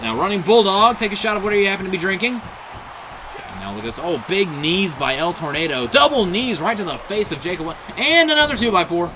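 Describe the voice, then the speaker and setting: A man doing excitable wrestling play-by-play, his slightly high voice swinging up and down in pitch. He keeps blurting "oh" and chuckling at the big spots. A steady hiss of background noise runs under his home recording. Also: a little fast. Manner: excitable, frequent exclaimed "oh"s, chuckles at big moments. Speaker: play-by-play commentator.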